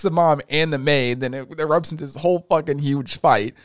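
A young man hosting a casual chat, retelling an anime with lots of swearing and excitable energy. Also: fairly high pitch, fairly quick, clean tone, no room sound, studio quality. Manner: profane, excitable storytelling.

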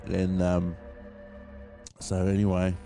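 A man's voice: deep voice, mellow. An Australian man hosting a podcast, telling a story in a rambling, casual way with lots of fillers and swearing. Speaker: podcast host.

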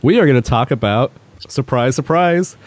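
A man's voice: medium pitch, animated, normal speed. A man co-hosting a casual podcast, easygoing with a radio-style delivery. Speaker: podcast co-host.

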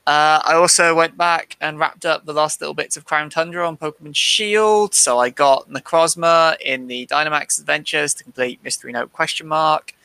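A man's voice: mid-range voice, gravelly, bright, forceful tone, no room sound. A man co-hosting a gaming podcast, talking in a dry, wry, rambling way. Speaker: podcast co-host. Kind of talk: casual podcast chat.

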